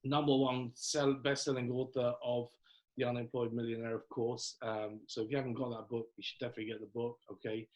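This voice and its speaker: A man's voice: mid-range voice, level tone, a little fast, darkish tone, lo-fi sound. Upbeat man hosting a call. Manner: casual upbeat greetings, many fillers. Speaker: host. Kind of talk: live coaching call.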